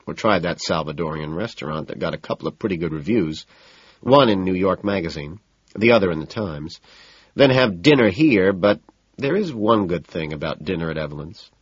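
A low-voiced male narrator reads an audiobook in the first person with a wry, measured delivery and lively intonation. His voice is husky. The recording is dry and somewhat muffled. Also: dry recording.

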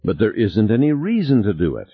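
An anxious, irritable man trapped in an undersea habitat, played by a man, insistent and edgy. His husky voice moves widely in pitch over a tinny, narrow recording. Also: huge pitch swings, a little fast, no echo, exaggerated voice.

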